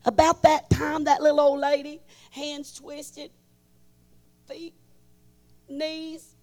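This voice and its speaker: A woman telling stories in a sermon at a conference, shifting between loud bursts and hushed asides. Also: high voice, level tone, slow pace. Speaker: conference speaker. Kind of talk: storytelling sermon. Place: large conference hall.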